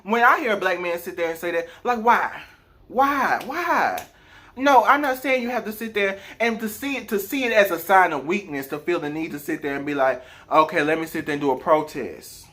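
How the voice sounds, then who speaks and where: A man's voice: high voice, moderate pace, bright, forceful tone. A man from South Mississippi giving earnest personal commentary, full of rhetorical questions. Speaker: vlogger.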